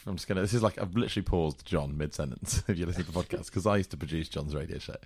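A man's voice: low-pitched, rapid-fire, a little mellow, a little hiss or hum. A man who used to produce radio, co-hosting a comedy podcast and telling stories with quoted asides. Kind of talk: casual comedy chat.

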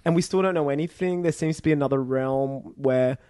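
A man's voice: mid-range voice, a little fast, dark tone, clear, resonant tone, no room sound, studio quality. A man co-hosting a casual gaming podcast, rambling and laughing often. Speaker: podcast co-host.

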